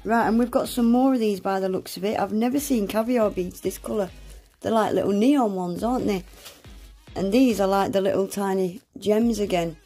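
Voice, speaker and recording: A woman unboxes nail art supplies in a casual vlog, gushing and exclaiming, often gasping and saying "oh my gosh." Her voice is medium-pitched and warm at a moderate pace, with soft background music.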